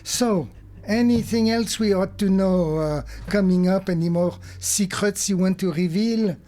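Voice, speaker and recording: A man's voice: sits high, unhurried, dark tone. A man doing a put-on thick French accent as a guest interviewer in casual radio chat, with hesitant ums. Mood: mock French.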